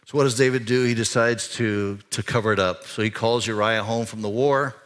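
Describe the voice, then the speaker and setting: A pastor preaching a sermon in a church, talking conversationally, climbing higher and louder for emphasis and dropping quiet for serious points. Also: male voice, steady tone, brisk, few pauses. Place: church sanctuary.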